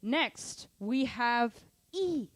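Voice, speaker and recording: A woman teaching a drum lesson, energetic, counting beats aloud and asking her students to stay engaged. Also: on the high side, drawn-out words, no room sound. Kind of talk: live online drum lesson. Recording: drum kit playing behind. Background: drum kit.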